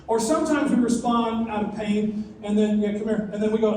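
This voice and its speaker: A young man preaches to a youth group with a high, lively voice, now and then acting out someone's prayers. He is caught from a distance in a large room with a strong echo and a faint background hiss. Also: fairly quick. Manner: animated, acts out prayers in a strained voice. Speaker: youth pastor. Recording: echoey hall, distant mic, faint noise.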